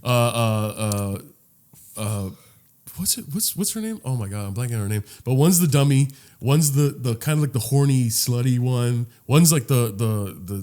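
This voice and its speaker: A man hosting a podcast, telling a rambling, animated story full of restarts and casual swearing. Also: medium pitch. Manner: swears freely. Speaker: podcast host. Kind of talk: casual chat.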